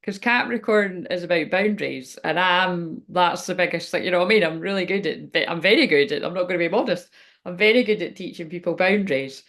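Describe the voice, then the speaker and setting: Woman, spiritual reader, livestream chat, gravelly, lowish voice, rambling and frank. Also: a little fast, fairly bright tone. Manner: rambling, frank, swears casually.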